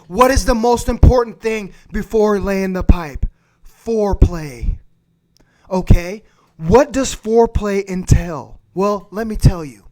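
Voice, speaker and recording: A man's voice: high-pitched, animated, a little slow. A man hosting a livestream, giving blunt, crude advice and repeating his points for emphasis. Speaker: livestream host. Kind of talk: profane advice rant.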